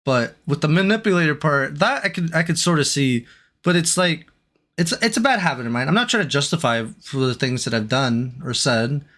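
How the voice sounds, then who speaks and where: Hesitant man giving a halting apology. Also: on the high side, fairly bright tone. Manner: hesitant, halting, many restarts and fillers. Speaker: streamer. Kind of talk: apology stream.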